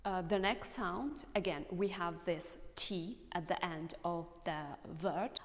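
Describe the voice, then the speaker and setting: A woman with a fairly low voice teaches English pronunciation. She speaks slowly and carefully, repeating each example word. Her voice trails off into a long room reverb. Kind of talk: explaining pronunciation to learners.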